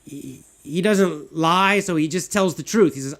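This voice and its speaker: A man's voice: a little high, a little slow, hardly any pauses, a bit bright. A man retelling a story in plain, simple English with repeated phrases.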